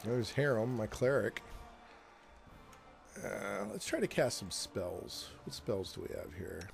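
A man giving relaxed gameplay commentary, thinking aloud and reading game text as he plays. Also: lowish voice, slow pace, vocal fry, faint music behind. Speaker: gameplay host.

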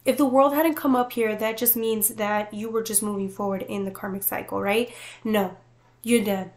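A woman giving a casual tarot reading to viewers, talking in an animated, playful way with swearing and frequent laughter. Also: mid-range voice, normal speed. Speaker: tarot reader.

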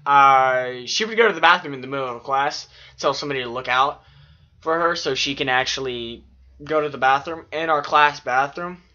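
A man spins rambling, profanity-laced stories in a loose, animated way. His voice has a bright edge to it. The recording sounds dull and lo-fi. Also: medium pitch, normal speed. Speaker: vlogger. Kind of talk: casual storytelling.

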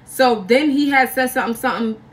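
A young woman vlogger telling a story in a casual, slangy, animated way, acting out other people's lines. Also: high voice, a little fast, recorded from a distance. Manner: animated, slangy, acts out quotes with big jumps in voice.

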